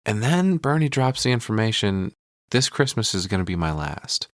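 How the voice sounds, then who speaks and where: A man's voice: on the low side, normal speed, no room sound, studio quality. A man co-hosting a casual podcast, recapping a film with lots of swearing and acting out the characters' lines. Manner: lively storytelling, acts out characters' lines.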